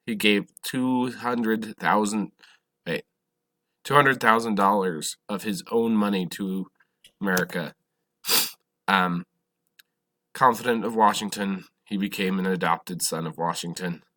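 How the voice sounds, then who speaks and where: A man teaching a history class, lecturing in a halting way, correcting himself and asking the class questions. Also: fairly low pitch, steady tone, sharp tone.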